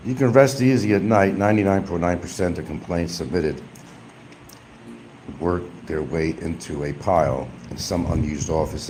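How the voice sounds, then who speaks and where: A low-voiced man holds forth in a blunt, combative livestream chat. His voice swings widely in pitch and has a dark, mellow tone, with a faint hum of noise behind him. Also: rough recording. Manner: blunt, combative, rambling asides; eating while talking at times.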